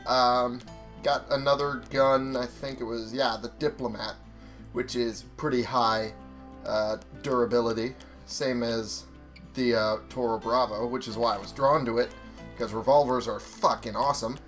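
A man's voice: mid-range voice, fairly even intonation, normal speed, a bit bright. Brief: young male let's-player, loose chatty commentary, curses a lot, faint game music behind. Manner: chatty, swears freely, talks to viewers. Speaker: gaming YouTuber. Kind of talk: casual gameplay commentary.

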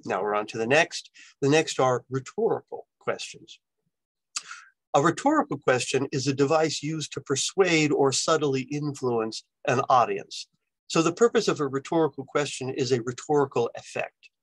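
A man lecturing in a relaxed, conversational way, checking in with his listeners by tacking "right?" onto his points. His voice sits in a middle pitch, and the recording is dry and close. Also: normal speed, dry recording, low-quality recording. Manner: conversational, often adds "right?" as a tag. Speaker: university lecturer.

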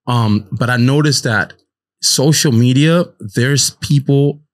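Brief: male podcast co-host, rambling and chatty, mid-pitched, laughs through his points. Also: slow pace. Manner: rambling, restarts, laughs as he talks. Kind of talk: casual chat.

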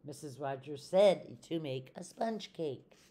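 An older woman, a retired teacher, reading a children's storybook aloud in a gentle, expressive way. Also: low-pitched, takes it slowly.

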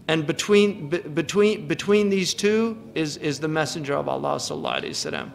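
A man's voice: a little high, very animated, fairly quick, creaky, few pauses, a little hiss or hum. A man giving an earnest religious lecture, restarting phrases often and reciting Arabic verses. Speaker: Islamic lecturer.

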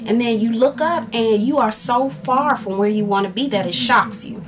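A woman's voice: on the high side, a little slow. A sore, frustrated woman vlogging at home, talking candidly and animatedly in a casual rant to the camera, full of fillers and restarts. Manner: animated, exasperated, candid with fillers and self-interruptions. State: sore and frustrated after a workout. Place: at home, indoors.

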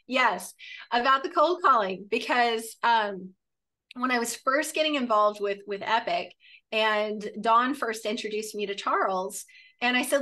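A woman in her late forties from Florida, a real estate coach chatting in an upbeat, animated way. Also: a little high, a little slow. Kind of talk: casual coaching conversation.

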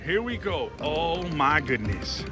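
Excitable man narrating slots in a casino. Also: on the high side, slow pace. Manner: excitable, keeps calling out to viewers and his mom, frequent "oh Lord". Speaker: casino slot vlogger. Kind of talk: casual running commentary while playing slots. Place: casino floor. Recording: casino floor with loud music. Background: slot machine music.

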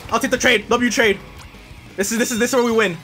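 A man streaming live gameplay, talking to his teammates and viewers and loudly trash-talking opponents. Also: extremely high pitch, quick pace, faint music behind. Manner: excitable, yells and trash-talks at opponents.

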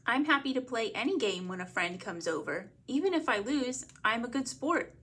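A woman from a library reading a picture book aloud as a bedtime story, in a gentle read-aloud manner. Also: on the high side, animated, normal speed, husky.

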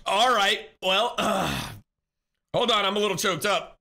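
A man's voice: high voice, a little slow, gravelly, bright, forceful tone. A man live-streaming, chatting casually with viewers, reading chat, greeting people and laughing often in a teasing way.

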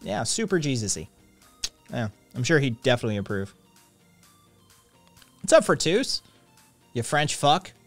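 A man's voice: medium pitch, very animated, measured pace, long pauses, no room sound, faint music behind. A man hosting a live stream, chatting casually in a sarcastic, profane, joking way. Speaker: stream host. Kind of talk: casual chat.

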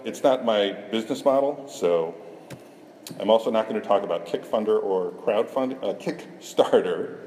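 Middle-aged guy from iowa doing a talk onstage, low voice but bouncy, big echoey hall. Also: darkish tone. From Iowa, USA. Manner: self-deprecating, joking with the audience. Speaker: cartoonist giving a talk. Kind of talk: conference talk. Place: conference hall. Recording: echoey hall, faint room noise.

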